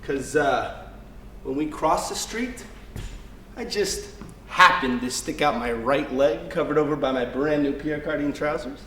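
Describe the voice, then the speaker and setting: An actor playing a volatile, profane young male street thug in a live stage play, brash and quick to laugh. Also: fairly high pitch, sharp tone. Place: theater stage. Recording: roomy stage, distant mic, faint hiss.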